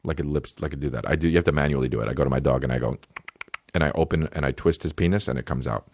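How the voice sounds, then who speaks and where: A man hosting a comedy podcast, riffing alone in a profane, rambling, animated way. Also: a bass voice, rapid-fire, no room sound.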